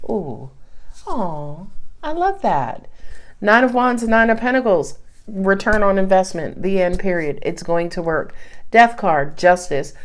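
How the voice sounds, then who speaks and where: A woman giving a casual, animated tarot reading, laughing often and swearing freely as she talks. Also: on the low side. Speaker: tarot reader.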